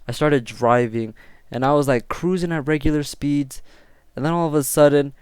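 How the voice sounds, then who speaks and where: Smooth-voiced young man telling a wild story. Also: on the high side, normal speed, no echo, clean studio sound. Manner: excitable, slangy, swears freely. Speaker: storytime vlogger. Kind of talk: casual storytelling to camera.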